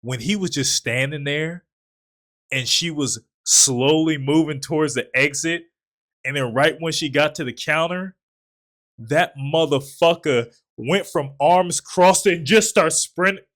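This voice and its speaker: A young man co-hosting a casual movie review chat, retelling scenes in an animated way and swearing often. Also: a little slow. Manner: animated retelling, puts on low voices for quotes, swears often. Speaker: podcast co-host.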